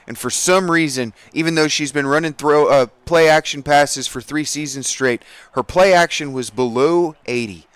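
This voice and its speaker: A man giving casual, profane commentary over a football video game, swinging from low muttering to loud excited outbursts. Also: moderate pace, few pauses, clear, resonant tone, no echo. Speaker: gaming streamer.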